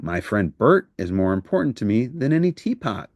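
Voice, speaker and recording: Kind shopkeeper voiced by a man for a storybook read-aloud; gentle, warmly reassuring tone. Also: on the low side, big pitch swings, moderate pace, dry recording, studio quality.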